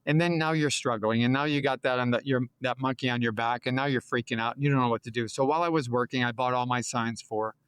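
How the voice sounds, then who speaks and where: A man's voice: medium pitch, fast talker, few pauses, smooth, dry recording. A man in his sixties, a real estate agent telling a story as an interview guest, acting out dialogue with a lifted voice. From United States. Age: 60s. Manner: lively, acts out dialogue in a raised voice.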